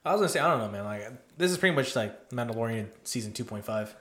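A man co-hosting a casual podcast, bantering quickly with laughter and swearing. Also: medium pitch, lively intonation, a bit bright. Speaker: podcast co-host. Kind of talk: casual chat.

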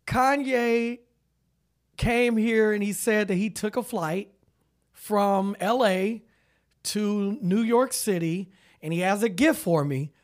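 A man co-hosting a casual podcast, telling stories with lots of laughter and acted-out quotes. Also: high-pitched. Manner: animated storyteller, laughs often, acts out quotes. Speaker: podcast co-host. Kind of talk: casual chat.

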